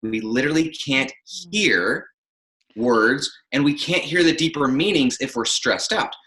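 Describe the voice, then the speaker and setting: A man's voice: medium pitch, unhurried, pushed and bright, roomy sound, rough recording. A man who narrates audiobooks, talking in a podcast interview and acting out example phrasings as he explains.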